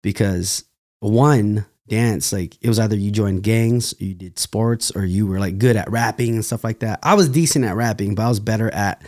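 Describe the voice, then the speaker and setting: A young Californian man, a dancer appearing as a podcast guest, speaks in a low, slightly mellow voice. In this casual interview he tells stories loosely, often laughing and starting over.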